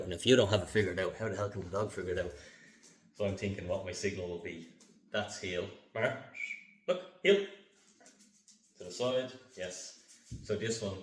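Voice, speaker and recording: Man, dog trainer, deep voice, calm step-by-step explanation, quick cheerful praise to the dog, roomy echo. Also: distant mic, slight background noise. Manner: explains calmly, breaks off for short upbeat commands and praise to his dog. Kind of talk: hands-on training demonstration. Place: indoor training room. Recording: echoey room, voice off-mic.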